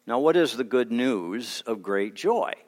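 A man preaching a sermon as pastor, earnest, moving between quiet asides and emphatic declarations. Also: medium pitch, lively intonation, a little slow. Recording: long hall reverb.

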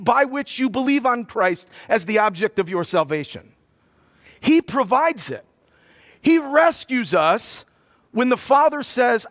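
A man with a high-pitched voice delivers a teaching sermon to his congregation. He reads scripture at a slow, deliberate pace, then talks quickly through what it means. His voice carries a long reverb from the hall. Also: big pitch swings, a bit bright. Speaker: pastor. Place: church hall, in front of a congregation.

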